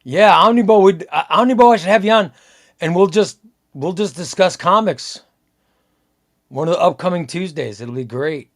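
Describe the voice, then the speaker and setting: A man with a gravelly voice and a fairly high pitch hosts a casual live stream. He talks loosely and rambles, circling back and repeating his phrases as he reads comments from his viewers. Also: normal speed.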